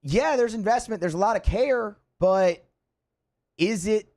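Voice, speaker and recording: A man's voice: high voice, measured pace, a little mellow. A man on a sports radio show making an emphatic, argumentative point. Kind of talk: casual sports talk.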